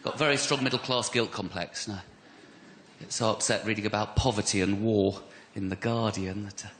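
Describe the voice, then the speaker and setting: A man's voice: on the low side, fairly even intonation, brisk, fairly bright tone. A middle-aged English man with a West London accent, doing a self-mocking stand-up set with mock-outraged rants in front of a live audience. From England. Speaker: stand-up comedian. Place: live comedy venue. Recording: noisy live comedy recording. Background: audience laughter.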